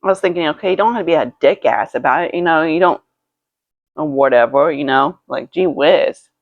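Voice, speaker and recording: A woman's voice: low voice, fairly quick, dry recording. A woman chatting casually while doing her makeup, rambling through a story with lots of swearing and restarts. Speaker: beauty vlogger. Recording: dull lo-fi, dry sound.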